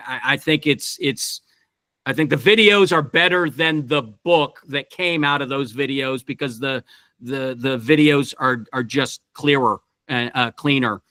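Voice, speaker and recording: A man's voice: fairly high pitch, pushed and bright, no room sound. A man directing actors in a verse workshop over a video call, thinking aloud with many restarts. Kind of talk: teaching talk on Shakespeare verse.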